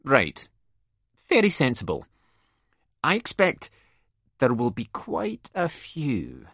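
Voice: medium pitch, wildly swooping pitch, slow, vocal fry, fairly bright tone, husky, no echo, heavily acted. A reader voicing a stern elderly headmistress in an amateur play-script reading, formal and dry.

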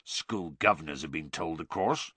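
Male reader doing a huge half-giant, gruff, thick-voiced, mumbling, dry close sound. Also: rumbling low, moderate pace, bright, forceful tone, no room sound, voice pushed down, full character voice. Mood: miserable. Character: huge gentle half-giant gamekeeper, gloomy.

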